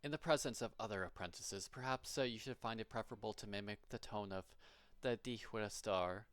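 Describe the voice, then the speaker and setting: A man's voice: on the low side, a little fast, a bit bright, lightly acted. A man reading the lines of a formal, stiff-spoken mentor who lectures an apprentice, delivered in a stilted way with small hesitations.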